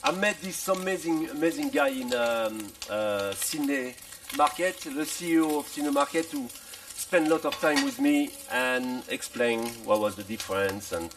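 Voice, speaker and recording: A middle-aged man from France explaining a dish at a festival cooking demonstration, with many halting restarts and repeated words and dry jokes. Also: medium pitch, big pitch swings, a bit bright, recorded from a distance, low-quality recording. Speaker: chef.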